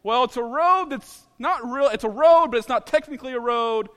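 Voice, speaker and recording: A man voicing a calm, laid-back local man who explains things in a matter-of-fact drawl. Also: very high-pitched, normal speed, smooth, big-room sound.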